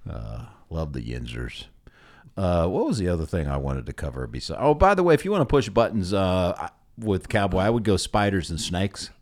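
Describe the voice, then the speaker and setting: A man's voice: deep voice, moderate pace. A man with a Midwestern American accent hosting a podcast, chatting casually and acting out quotes with lots of laughter. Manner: animated, laughs often, acts out quotes. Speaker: podcast host. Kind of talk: casual chat.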